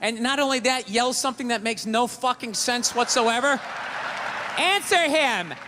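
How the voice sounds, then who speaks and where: An American stand-up comedian rants profanely before a live audience, playing both sides of an argument. His very high voice holds fairly even intonation at a moderate pace, with a crowd and lots of noise behind him.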